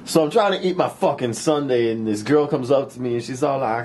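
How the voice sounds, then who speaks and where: A man at a desk mic walks through a software tutorial, cursing freely and rambling into side stories. His pitch sits mid-range, and a faint hiss runs under his voice. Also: brisk, hardly any pauses. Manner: profane, rambling, keeps asking "right?". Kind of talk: casual screen-recorded tutorial with rambling story.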